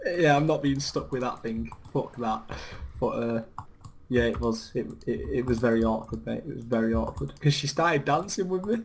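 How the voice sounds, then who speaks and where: A man's voice: mid-range voice, moderate pace, slight background noise. A young man telling stories in a sweary, laddish way during casual gaming commentary. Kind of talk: casual chat.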